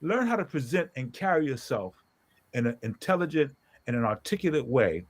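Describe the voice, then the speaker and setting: A middle-aged man, a pastor, telling a story in a casual group talk, animated and emphatic, often checking in with "okay?". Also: medium pitch, fairly quick.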